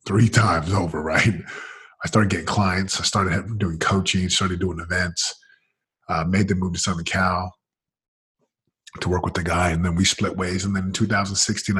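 A man, a business coach, telling his story in a casual, energetic way, full of "man" and "like", swinging between loud excitement and quiet murmurs. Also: deep voice, husky. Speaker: business coach, interview guest.

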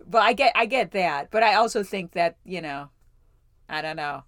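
A woman's voice: on the low side, expressive, moderate pace, fairly bright tone, dry recording. A woman co-hosting a podcast in casual chat, rambling and hesitant, laughing easily. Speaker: podcast co-host.

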